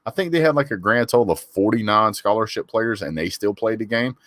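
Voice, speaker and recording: Man, sports host, very low voice, opinionated, dry close mic. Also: fairly quick, fairly bright tone, no echo. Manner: chatty, opinionated, greets commenters by name. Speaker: sports talk host reading live chat. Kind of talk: casual live call-in chat.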